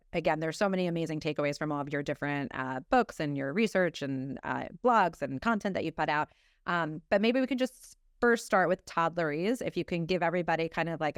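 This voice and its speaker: A woman's voice: low voice, clean tone, no echo, clean studio sound. A woman hosting a podcast interview, chatty and enthusiastic as she sets up questions. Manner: enthusiastic, chatty, many fillers. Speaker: podcast host.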